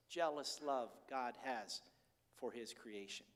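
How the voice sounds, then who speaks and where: An older man preaching a conversational sermon as pastor, candid and animated as he tells stories. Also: mid-range voice, unhurried. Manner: candid, chatty, animated storytelling. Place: church sanctuary. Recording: reverberant church hall.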